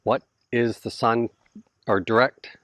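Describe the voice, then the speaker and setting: A man's voice: medium pitch, steady tone, slow, a bit bright, no room sound, clean studio sound. A middle-aged Canadian man with a Canadian accent, talking casually to camera outdoors in a vlog and laughing often. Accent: Canadian English. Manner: chatty, laughs often, talks straight to viewers. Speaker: vlogger. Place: outdoors at a house build site in the Philippines.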